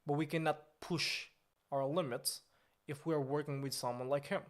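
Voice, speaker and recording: A man's voice: fairly high pitch, fairly even intonation, normal speed, natural voice. A man playing a pompous, boastful, easily offended company boss on a comedic livestream, talking in an indignant, grandiose way.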